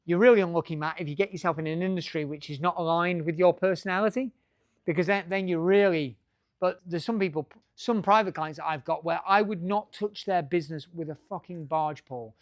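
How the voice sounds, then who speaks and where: A man's voice: on the high side, brisk, no room sound, studio quality. A middle-aged man giving a business talk to a live audience, joking and swearing freely. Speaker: business speaker.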